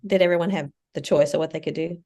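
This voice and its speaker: A woman co-hosting a casual chat show, supportive and unhurried as she reassures her friend. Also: deep voice, steady tone, mellow. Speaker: podcast co-host.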